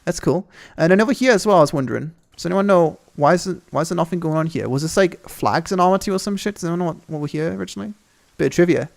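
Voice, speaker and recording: Young male gaming host, slightly high voice with gravel, rambling and swearing through a casual map tour. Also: fast. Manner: excitable, rambling, swears often. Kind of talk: casual game commentary.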